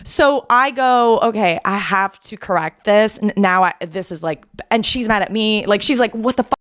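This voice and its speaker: Woman podcast host, chatty storyteller, self-mocking, mid-pitched everyday voice. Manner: animated storytelling, self-deprecating, quick asides. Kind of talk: casual chat.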